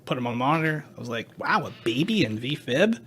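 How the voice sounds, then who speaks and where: A man's voice: mid-range voice, big pitch swings, fairly quick, fairly bright tone, husky. A man hosting a podcast, telling a story in casual chat, acting out quoted dialogue and swearing freely. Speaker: podcast host.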